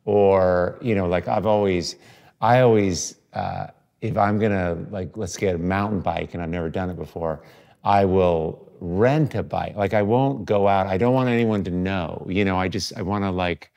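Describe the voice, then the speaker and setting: A man's voice: low voice, moderate pace, darkish tone. A British man hosting a podcast interview, asking rambling questions full of fillers and restarts. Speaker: podcast host. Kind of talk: casual interview chat.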